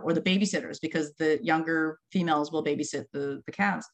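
A middle-aged woman with a slightly low voice tells field stories in easy conversation. She is lively, laughs often and acts out little quotes as she goes. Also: fast talker. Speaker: marine mammal researcher. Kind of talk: casual conversational storytelling.

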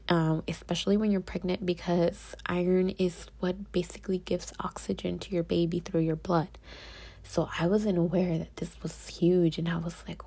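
A young woman telling a personal story to her viewers in a casual vlog, speaking softly and often dropping into a whisper. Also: lowish voice, slightly rough. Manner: soft-spoken, slipping into whispers. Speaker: vlogger.

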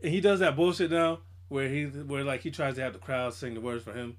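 A man's voice: medium pitch, fairly quick. A man co-hosting a podcast in casual chat, telling stories in slang and acting out what others said. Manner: animated storytelling, slangy, acts out quotes. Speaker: podcast co-host.

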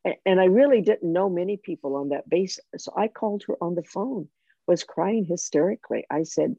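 An older woman with a low, gravelly and mellow voice recounts her own story, animated and ready to laugh at herself. The sound is dull and lo-fi, in a dry room. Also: a little fast, dry recording. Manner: animated, self-mocking, with frequent restarts. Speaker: guest sharing her testimony. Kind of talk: personal storytelling in a conversation.

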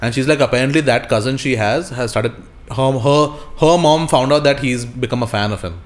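A man's voice: medium pitch, fast. Joking, mocking man on a podcast. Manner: joking, mocking, swears casually. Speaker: podcast co-host. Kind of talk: casual chat.

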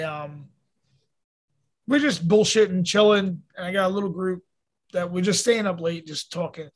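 A man's voice: high voice, breathy edge. A man talking as a podcast guest and coach, telling stories in an earnest, casual way and swearing now and then. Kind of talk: casual conversational storytelling.

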